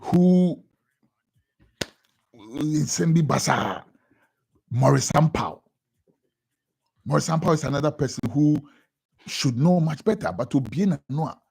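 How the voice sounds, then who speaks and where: A young Ghanaian man with a Ghanaian accent giving an animated editorial commentary on radio, often repeating words for emphasis. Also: fairly high pitch, a little slow, gravelly, long pauses, husky.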